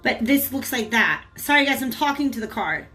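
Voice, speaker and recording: Chatty lady doing a tarot reading, kinda high voice, talks to her cards, faint music under it. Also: animated, moderate pace, pushed and bright. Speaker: tarot reader. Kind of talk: casual channeled tarot reading.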